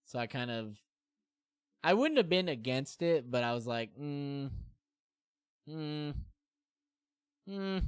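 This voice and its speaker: Chatting casually with his stream audience, a thirtysomething man wanders from point to point, filling gaps with fillers and self-deprecating jokes. He speaks at a normal speed in a smooth, resonant, ordinary-pitched voice with a sing-song lilt, recorded dry and close on a desk mic without room sound.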